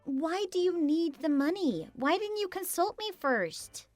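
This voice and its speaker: A woman's voice: extremely high pitch, animated, a little slow, no echo, soft background music. A woman's text-to-speech voice as a worried wife who pleads and questions. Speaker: wife and story narrator.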